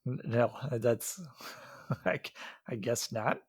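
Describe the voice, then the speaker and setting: A man's voice: medium pitch, slow pace, breathy edge. A man from Iowa co-hosting a podcast, chatting casually about a movie with many fillers and restarts. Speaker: podcast co-host.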